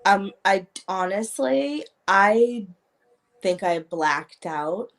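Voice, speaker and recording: A woman, a guest in a podcast interview, recalling her past haltingly with hesitations. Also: mid-range voice, expressive. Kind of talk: casual interview chat.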